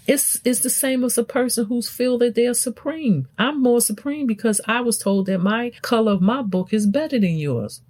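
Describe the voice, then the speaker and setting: A woman with a medium-pitched, slightly mellow voice hosts a spiritual podcast. She delivers a teaching monologue, addressing the listener emphatically and asking many rhetorical questions.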